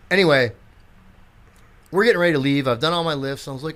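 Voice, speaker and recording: A man's voice: a little high, brisk. A man in his sixties, a physical therapist and strength coach, telling stories as a podcast guest with lots of acted-out quotes and casual swearing. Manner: animated storyteller who acts out quotes and swears freely. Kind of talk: casual storytelling in a podcast chat.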